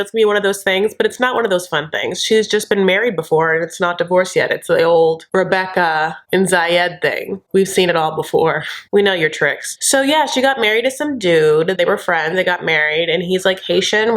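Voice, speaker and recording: A woman's voice: on the low side, fairly bright tone. A woman hosting a comedic TV recap vlog, dishing gossip in a sassy, campy way and calling people "honey". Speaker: show recap host.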